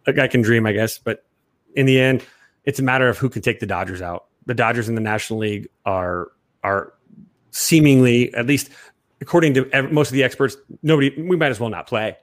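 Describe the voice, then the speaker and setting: A young man co-hosting a casual sports chat, rambling and jokey, quick to laugh. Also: mid-range voice, no room sound. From Chicago area. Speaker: sports podcast co-host.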